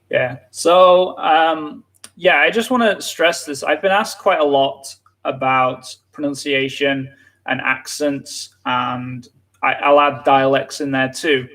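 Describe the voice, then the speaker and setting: A man's voice: medium pitch, takes it slowly, a bit bright. A man from England, chatting casually on a live lesson and filling his talk with "like". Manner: casual, lots of filler "like". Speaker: English teacher.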